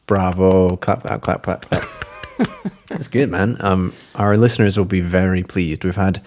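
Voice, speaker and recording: A man co-hosting a podcast in casual chat, jokey and quick to laugh. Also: sits low, darkish tone, a little hiss or hum. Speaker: podcast co-host.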